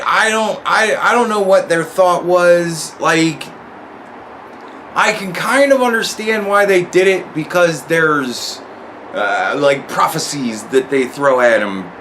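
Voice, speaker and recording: A man's voice: fairly high pitch, a bit bright, a little hiss or hum. Rambling, foul-mouthed man reviewing a show. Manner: rambling, profane, restarts words often. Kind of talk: casual review monologue.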